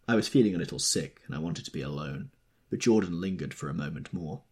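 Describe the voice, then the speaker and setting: A man narrating a novel in a measured, expressive storytelling manner. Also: rumbling low, breathy edge. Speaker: audiobook narrator. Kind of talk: scripted literary narration.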